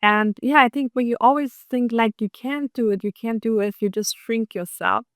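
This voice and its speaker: A woman speaking English as a second language with an accent, a podcast guest talking in a hesitant way, with many pauses and ums. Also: fairly high pitch, a bit bright, no room sound. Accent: non-native English. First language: not English. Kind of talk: casual interview chat.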